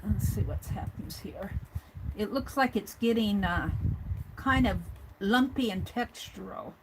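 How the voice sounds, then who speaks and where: A woman's voice: mid-range voice, animated, a little slow. A woman casually demonstrating a mixed-media art experiment, thinking aloud as she works at a craft table. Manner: thinks aloud while working, chatty and tentative. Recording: audible background noise with clicks.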